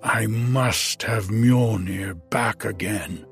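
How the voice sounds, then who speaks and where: A man's voice: lowish voice, gravelly, soft background music. A man doing an angry roaring thunder god. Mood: indignant. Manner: roaring, slow and forceful.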